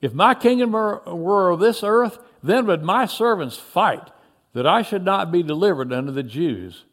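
A man voicing a calm, solemn teacher on trial. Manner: soft, low and measured.

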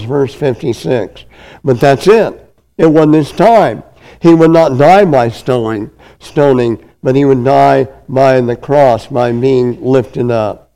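A man's voice: mid-range voice, dark tone, rough recording. A man preaching a sermon with an emphatic, repetitive cadence.

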